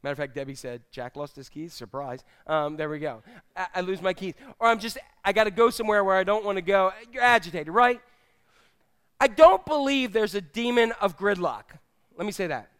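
Animated high-voiced male preacher. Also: fairly quick, clean tone. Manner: conversational, animated, addresses the congregation directly. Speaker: pastor. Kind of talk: sermon. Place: church.

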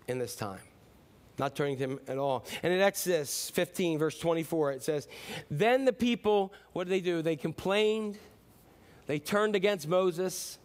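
A male pastor preaching a sermon in a loose, conversational way, full of fillers and animated asides. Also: on the high side.

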